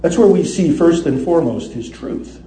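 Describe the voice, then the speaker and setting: High-voiced impassioned male preacher. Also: animated, normal speed, echoey room, slight background noise. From United States. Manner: impassioned, swings between loud emphasis and quiet asides. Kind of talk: sermon.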